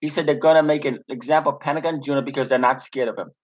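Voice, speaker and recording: A man's voice: mid-range voice, steady tone, racing, husky, muffled recording. A young man casually recapping a wrestling show, rambling with many fillers and restarts. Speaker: wrestling reviewer.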